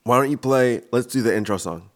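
A man's voice: mid-range voice, fairly quick. A man hosting a solo comedy podcast from his kitchen, rambling and joking at his own expense into a microphone. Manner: rambling, self-mocking, jokey. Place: home kitchen, alone. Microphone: studio-style microphone.

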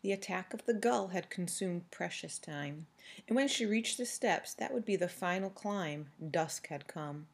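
A woman reading a novel aloud in a steady, measured storytelling manner. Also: on the low side, gravelly, husky. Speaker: audiobook reader.

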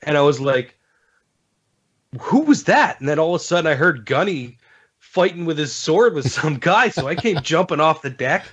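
A man's voice: on the high side, brisk, fairly bright tone, breathy edge. A man, a podcast guest, chatting casually about games and rambling through stories with lots of fillers and restarts. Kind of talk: casual gaming chat. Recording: dull lo-fi sound.

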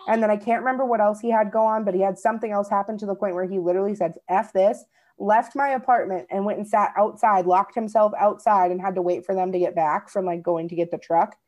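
A woman's voice: mid-range voice, steady tone, fast talker, a little mellow. A young woman, co-hosting a podcast and telling stories in casual chat. She swears freely and acts out what people said. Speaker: podcast co-host.

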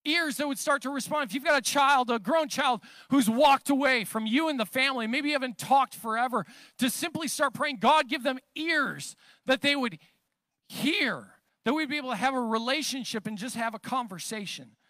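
A man in his thirties preaches with a very high, bright voice. He moves between easy, conversational storytelling and emphatic, rising declarations. The sound is close and dry, with no room around it. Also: a little fast, dry recording. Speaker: pastor. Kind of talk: sermon.

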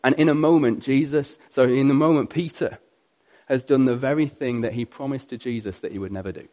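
A male preacher retelling a story in an earnest sermon, swinging between loud passages and hushed ones. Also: mid-range voice, brisk, highs cut off.

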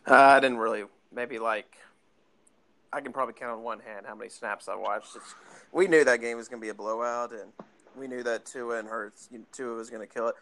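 A man's voice: mid-range voice, fairly even intonation, fairly quick, a bit bright. Easygoing young man. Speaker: podcast co-host. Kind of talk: casual sports chat.

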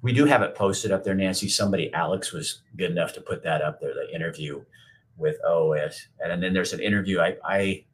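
A man's voice: low voice, brisk. A middle-aged man hosting a casual livestream, reading viewer comments aloud and answering them in a blunt, rambling way with frequent swearing and restarts. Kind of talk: casual unscripted livestream talk.

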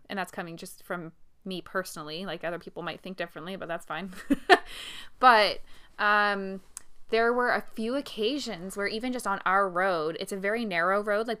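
Bright, smooth-voiced chatty woman. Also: medium pitch. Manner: chatty, laughs often, agrees readily. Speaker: podcast co-host. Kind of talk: casual chat.

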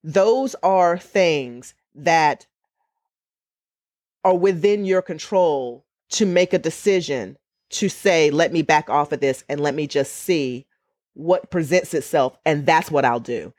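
A woman's voice: low voice, takes it slowly, a little mellow, no echo. Middle-aged woman, heartfelt, near tears, repeats lines for weight, dry sound. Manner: earnest, emotional, repeats phrases for emphasis. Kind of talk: reflective podcast conversation.

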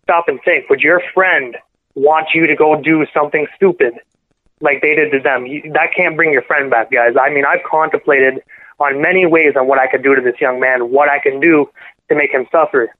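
A man guest on a podcast telling a painful personal story in a halting, earnest way, often correcting himself. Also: fairly high pitch, steady tone. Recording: phone-line audio.

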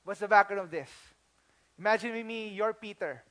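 High-voiced Filipino pastor, animated sermon. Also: male voice, brisk. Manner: animated storytelling, acting out quotes; mixes English with Tagalog phrases.

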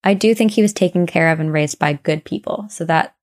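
A young woman co-hosting a podcast, casually recounting ghost lore in a chatty, animated way. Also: fairly low pitch, fairly quick. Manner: chatty, animated retelling with quoted voices. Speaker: podcast co-host.

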